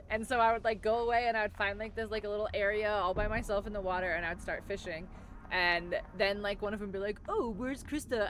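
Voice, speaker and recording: A woman's voice: medium pitch, fairly bright tone. A woman streamer chatting casually while playing, giggling often and rambling with lots of fillers and swearing. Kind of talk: casual gaming chat.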